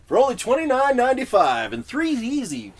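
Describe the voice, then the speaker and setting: A man hamming up a cheesy late-night TV commercial announcer. The voice is pushed far above his own speaking pitch and is belted out loudly, with a hard-selling pitch on every phrase. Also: wildly swooping pitch, a little fast, full character voice. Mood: hyped. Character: over-the-top male TV commercial announcer.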